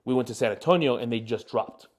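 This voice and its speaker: Talking fast in a mid-range voice, a young man in his twenties co-hosts a podcast. He chats casually while telling a drawn-out, meandering story littered with fillers.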